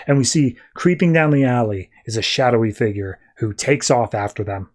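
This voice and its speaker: A man's voice: mid-range voice, animated, moderate pace, few pauses. A man hosting a podcast, recapping a comic in a breezy, jokey storytelling way. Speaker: podcast host.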